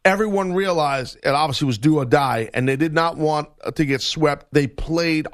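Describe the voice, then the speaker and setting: A man co-hosting a sports radio show, talking in an animated, joking way with frequent restarts. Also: on the high side, normal speed, no echo, clean studio sound. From Italian heritage. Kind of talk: casual sports radio banter.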